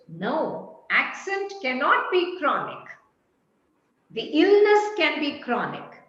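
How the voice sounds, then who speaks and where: Woman teacher on a video call, high bright voice, echoey room with dull, lo-fi sound. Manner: quizzes herself and answers firmly. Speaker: English teacher. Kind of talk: online lecture.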